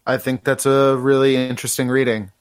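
A man's voice: medium pitch, little pitch movement, a little fast, clean tone, no echo. A man with a mid-range voice picks his words carefully, stammering and starting over as he talks about a film. He is recorded close and dry. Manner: hesitant, self-correcting, stumbling over words. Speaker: podcast co-host. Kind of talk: casual film discussion.

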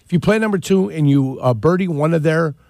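A man's voice: on the high side, gravelly, a little mellow, no echo. A man guesting on a radio show, telling long, wandering golf anecdotes in a casual chat from a studio microphone. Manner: rambling storyteller, drawn-out anecdotes.

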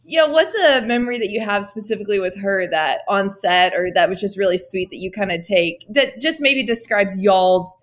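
A woman's voice: mid-range voice, normal speed, few pauses. A woman hosting an interview, bubbly and giggly, asking long rambling questions. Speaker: interviewer, host. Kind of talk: casual interview chat.

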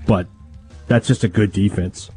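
A man's voice: lowish voice, fairly even intonation, a little slow, dark tone, slightly rough, faint music behind. A man co-hosting sports talk radio, giving emphatic football analysis.

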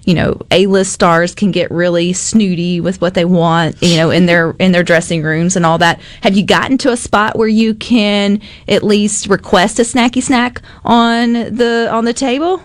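A Southern-accented woman hosts a talk show, asking long rambling questions with plenty of fillers. Her voice sits at a middle pitch and is recorded close and dry. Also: steady tone, normal speed, hardly any pauses, no echo. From Mississippi. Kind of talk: interview.

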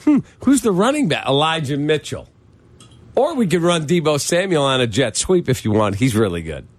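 A man's voice: fairly high pitch, big pitch swings, normal speed. A man co-hosting sports talk radio, emphatic and fond of rhetorical questions.

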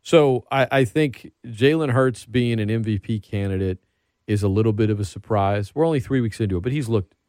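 A man's voice: fairly low pitch, brisk, dry recording, clean studio sound. A man hosting a casual sports talk show, rambling and getting worked up as he talks. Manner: animated, rambling, gets worked up. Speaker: podcast host.

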